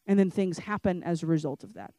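A woman's voice: on the low side, quick pace, warm tone, dry recording, clean studio sound. A woman giving an impassioned, rhythmic faith talk as a conference speaker, building up repeated phrases on a stage microphone.

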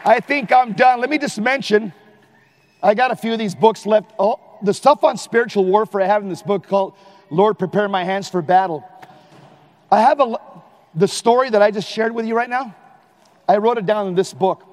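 Male lay preacher, high-pitched, emphatic and animated, recorded in a reverberant hall. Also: normal speed, some chatter behind. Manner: animated, emphatic, at times shouting. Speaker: Catholic lay speaker. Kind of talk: live preaching talk.

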